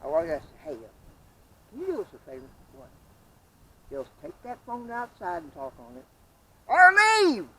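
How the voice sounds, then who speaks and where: A gruff, animated man spins his stories outdoors, his pitch leaping up and down as he acts out arguments. A faint hiss of street noise sits behind him. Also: moderate pace, pauses often, rough recording. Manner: animated, gruff, acts out confrontations, swears often. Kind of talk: casual storytelling chat.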